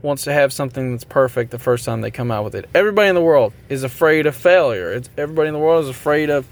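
A man's voice: mid-range voice, expressive, very fast. A man hosting a podcast, talking casually and motivationally, rambling a bit and poking fun at himself while repeating his catchphrases. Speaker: podcast host.

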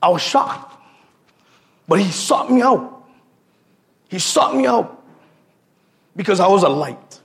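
A man's voice: high voice, sing-song, a little slow, vocal fry, long pauses. A man giving an informal sermon built on personal stories, talking casually with slang and repeated words and calling listeners "bro.". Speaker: lay preacher.

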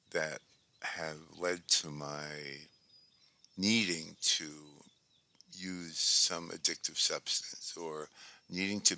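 A man giving a reflective, measured talk on recovery, with pauses and fillers. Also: a bass voice, creaky, pushed and bright. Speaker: speaker on twelve-step recovery.

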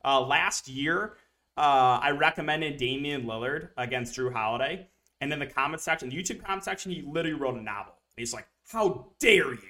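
A young man with a mid-range voice, brisk, pushed and bright, hosts a fantasy sports show as a DFS analyst. In casual sports betting podcast talk, he rambles through picks and a story with lots of fillers.

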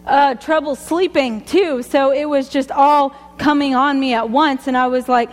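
A woman's voice: high-pitched, fairly even intonation, unhurried, long reverb tail. A woman sharing a personal faith testimony, rambling and chatty, often laughing at herself. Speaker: speaker giving a testimony.

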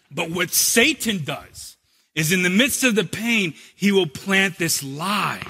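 A man preaching a sermon, spinning a lively story before turning earnest. His voice sits high and sounds bright and a little husky. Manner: animated storyteller, humorous then earnest. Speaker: pastor.

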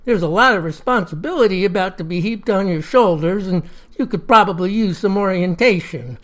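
A woman's voice: mid-range voice, brisk, close to an everyday voice. A woman voicing a tall, cheerful man who talks in a folksy, hearty way.

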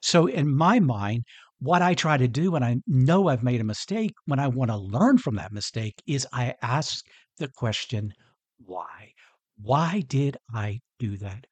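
Man, podcast host, motivational talk, earnest, chatty, chuckles, husky, dry close sound. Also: medium pitch, big pitch swings, moderate pace, dry recording. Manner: earnest, conversational, chuckles often.

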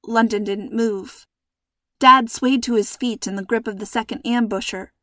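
A woman reading a scripted children's storybook in a measured, suspenseful manner, close to the mic. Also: fairly high pitch, steady tone, a bit bright, dry recording. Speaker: narrator.

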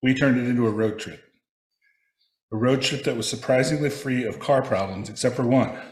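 Man of mid pitch reading his own prepared reflection, measured and wry, in a roomy, echoing space. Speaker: speaker sharing a personal reflection. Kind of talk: prepared personal reflection read aloud.

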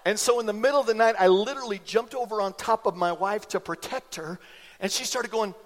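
A man in his forties preaching a sermon in church, an animated storyteller who acts out the voices in his anecdotes. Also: high-pitched, fairly quick, big-room sound. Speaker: pastor. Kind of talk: sermon with personal stories. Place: church sanctuary.

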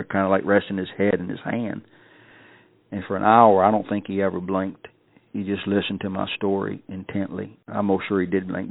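A man's voice: deep voice, vocal fry, dry recording. A man guest on a podcast telling a personal story in a folksy way, often repeating and restarting his words. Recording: dry, phone-like tinny sound.

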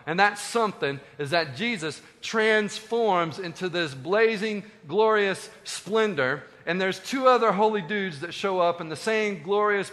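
A man preaching a sermon as a pastor, animated and conversational with joking asides, in a hall with long reverb. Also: high-pitched.

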